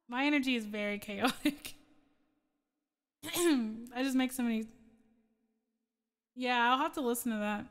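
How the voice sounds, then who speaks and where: Woman streamer chatting w her chat, kinda high voice, giggly and all over the place, long reverb on her mic. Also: slow pace, long pauses. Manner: rambling, giggly, scatterbrained. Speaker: streamer and singer. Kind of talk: casual chat with live chat.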